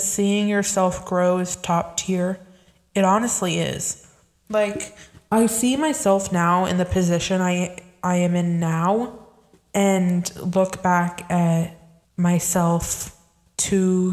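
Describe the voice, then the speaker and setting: A young woman hosting a casual solo podcast, reacting to tweets in a chatty, rambling way with quick asides. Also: fairly low pitch, a little mellow. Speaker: podcast host.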